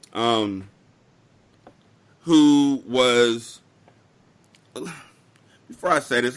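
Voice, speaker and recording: A young man co-hosting a podcast, telling a work story in casual chat with animated delivery and mock-formal phrasing. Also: medium pitch. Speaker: podcast co-host.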